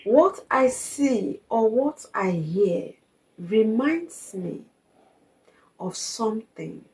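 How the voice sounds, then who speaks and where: A woman speaks in a slow, deliberate way in her reflective personal vlog. Her voice sits a little high. She sounds earnest and confiding, and she circles back to the same points for emphasis. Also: lively intonation, mellow, poor audio. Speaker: vlogger.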